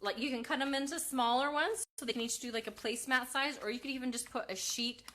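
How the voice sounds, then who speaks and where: A woman's voice: high-pitched, steady tone, fast talker, fairly bright tone. A woman hosting a casual craft live stream, chatting and reading out viewer comments.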